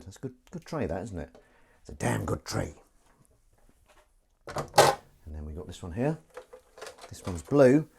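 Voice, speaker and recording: A man's voice: on the low side, darkish tone, a little hiss or hum. A man live-streaming from his home kitchen sink, chatting casually while he washes up and making self-mocking jokes. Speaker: streamer washing dishes live.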